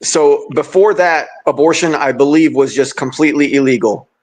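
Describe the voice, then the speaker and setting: A man calmly explaining a story in a casual chat, with some hesitations. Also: a little high, moderate pace. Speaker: podcast guest.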